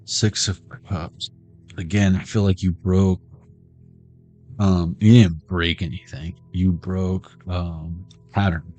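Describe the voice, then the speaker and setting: Male tarot reader, lowish voice, joking and tangential, faint music underneath. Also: flat delivery, slow, a little mellow. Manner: jokey, tangential, talks to viewers. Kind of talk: casual rambling tarot reading.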